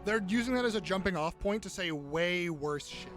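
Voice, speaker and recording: A man's voice: high-pitched, expressive, normal speed, music in the background. A man streaming live, talking in a heated, profane, casual way.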